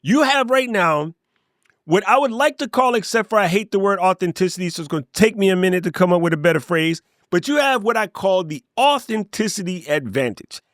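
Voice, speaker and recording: Male host, casual slangy delivery, very expressive pitch, dead dry booth. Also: brisk, no room sound. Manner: animated, slangy, playful asides. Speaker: creator coach, host. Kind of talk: casual direct-to-camera talk.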